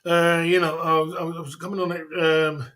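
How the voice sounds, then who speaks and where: A man hosting a casual livestream, telling stories in a chatty way, laughing often and giving shout-outs to viewers. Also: on the high side, little pitch movement, a little fast. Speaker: livestream host.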